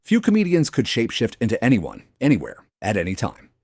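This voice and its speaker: A man's voice: medium pitch, wildly swooping pitch, fast talker, darkish tone, breathy edge, no room sound, clean studio sound. A man reading scripted documentary narration with dramatic emphasis.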